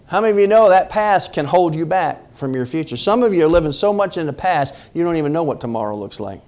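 A man's voice: on the high side, expressive, fast talker, darkish tone. A middle-aged male pastor from the northern United States, preaching a conversational sermon and often asking the congregation questions. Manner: emphatic, talks directly to the congregation with questions.

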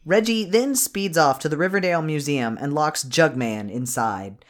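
A man co-hosting a podcast, recapping a movie in rambling, profane casual chat. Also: fairly high pitch. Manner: rambling, profane, animated, quick bursts.

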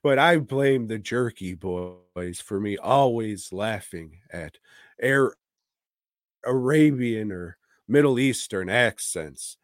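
A man with a lowish voice talks slowly and loosely on a podcast, rambling through movie opinions with lots of swearing and chuckles. The sound is close and dry, with no room around it. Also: lively intonation, dry recording. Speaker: podcast co-host. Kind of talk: casual movie chat.

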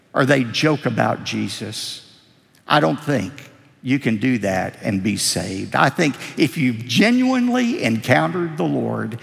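A man's voice: creaky, big-room sound. An older man preaching a sermon as a pastor, telling stories and acting out the people he quotes. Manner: storytelling, acting out quotes with rising pitch.

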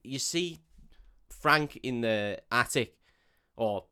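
A man's voice: mid-range voice, lively intonation, takes it slowly, pushed and bright, smooth. A man co-hosting a podcast, casually recapping a horror film with lots of laughter and swearing, acting out the characters' lines. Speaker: podcast co-host.

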